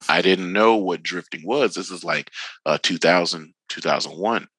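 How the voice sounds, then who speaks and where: A man in his forties from Northern California, a podcast guest telling stories casually, animated and slangy, acting out the people he quotes. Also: sits low, normal speed, breathy edge, no echo, poor audio. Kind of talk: casual storytelling chat.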